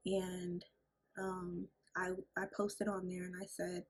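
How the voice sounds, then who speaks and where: A woman's voice: on the low side, completely flat delivery, slow, slightly rough. A young woman talking candidly to her camera at home, telling a personal story with lots of fillers, while a fan and men playing a video game are heard behind her. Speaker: vlogger. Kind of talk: casual chat. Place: at home indoors. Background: fan noise and men playing a video game.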